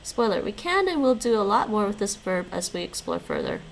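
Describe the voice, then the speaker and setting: A woman hosting a casual language-learning stream. She reads lesson notes aloud and chats loosely with her viewers, laughing often. Her voice has a gravelly, creaky texture, with faint noise behind her. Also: medium pitch, wildly swooping pitch, a little fast, poor audio. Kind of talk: casual live-stream chat.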